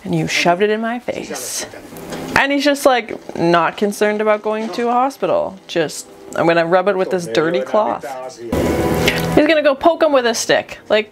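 Young woman, chatty film-reaction host, joking asides and gasps, film music playing clearly behind her. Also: mid-range voice. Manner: chatty, exclaims and gasps often; jokey asides, mock quoting characters. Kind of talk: casual reaction commentary. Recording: movie soundtrack music behind. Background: movie music.

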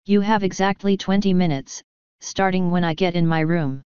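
A woman's voice: fairly low pitch, moderate pace, darkish tone, clear, resonant tone, no echo, dull audio, close to an everyday voice. A woman reading the part of a stern, fussy female servant who scolds and gives orders. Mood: scolding. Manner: scolding, bossy.

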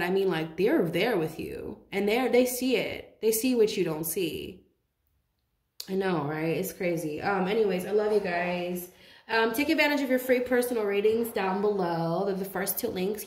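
A woman's voice: mid-range voice, reverberant. A woman doing a casual tarot reading to camera, chatty and affectionate, speaking emphatically with frequent restarts. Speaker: tarot reader.

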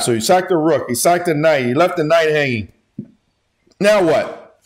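Speaking at normal speed in a voice on the high side, a male chess grandmaster teaches an energetic lesson. His delivery is excitable and full of slang and frequent exclamations.

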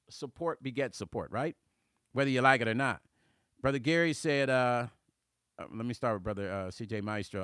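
A middle-aged man with a smooth, resonant voice talks loosely on his live stream, reading out viewer comments. He gets animated, laughs easily and trips over repeated words when he's worked up. The sound is close and dry, with no room around it. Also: medium pitch, dry recording. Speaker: musician hosting a livestream. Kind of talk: casual livestream chat reading comments.

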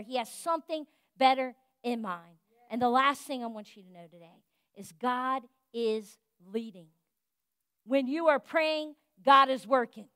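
A woman pastor preaching a sermon in a fervent, folksy way, rising to loud exhortation and dropping to soft, confiding talk. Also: high-pitched, no echo, clean studio sound. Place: church.

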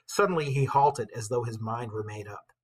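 A male teacher reading a novel aloud with expressive storytelling, pausing to comment for his class. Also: mid-range voice, husky, low-quality recording.

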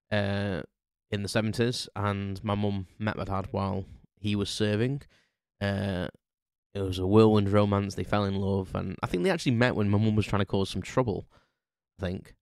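A man with a lowish voice talks through an unscripted podcast monologue, rambling along with plenty of ums and false starts. The sound is dry and close, with no room around it. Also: fairly even intonation, normal speed, smooth, dry recording. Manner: rambling, chatty, lots of ums and restarts. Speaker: podcast host.

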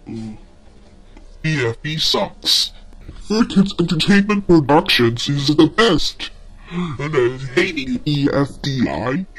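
A whiny, short-tempered boy from a homemade cartoon rants with a sneering, complaining manner, voiced by a man. His voice swings all over the place in pitch. He drawls his words out slowly. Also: a bit bright. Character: boy ranting about web shows, whiny, short-tempered. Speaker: ranting character.

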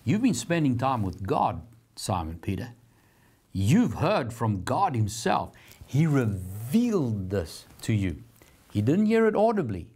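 A man's voice: mid-range voice, huge pitch swings, unhurried, darkish tone, slightly rough. A man hosting a televised Bible teaching program, preaching in an earnest, encouraging, conversational way.

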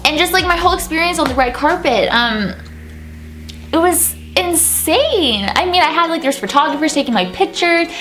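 A woman's voice: very high-pitched, animated, normal speed, a bit bright, faint music behind. A young woman in her twenties talking to camera in a gushing, giggly, breathless way, tired after a night out. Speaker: vlogger. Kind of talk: casual chat to camera. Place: indoors at night after an event.

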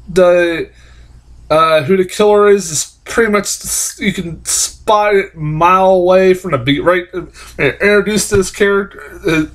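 A man's voice: fairly high pitch, fairly bright tone. A man giving a casual, profane, rambling film review, exasperated and full of fillers.

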